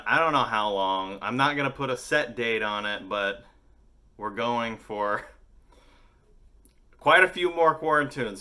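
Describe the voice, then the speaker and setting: Excitable, swearing male vlogger. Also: on the low side. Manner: excitable, swears constantly, jokey rants. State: voice worn from singing. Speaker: host of a daily music video series. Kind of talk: casual, profane vlog chat.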